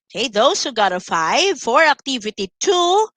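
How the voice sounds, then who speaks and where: A woman teacher with a Filipino accent leading an online lesson, reading quiz items clearly and patiently calling out students' names. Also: sits high, big pitch swings, moderate pace, a bit bright, no echo, low-quality recording. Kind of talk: online live-stream lesson.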